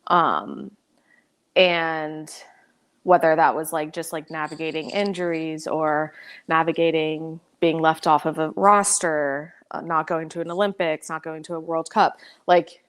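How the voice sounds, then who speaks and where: A young American woman in casual interview chat, talking fast with many "like" fillers and frequent laughs. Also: low voice, fairly even intonation, smooth. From United States. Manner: chatty, lots of "like" fillers, laughs often. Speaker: podcast guest, pro soccer player.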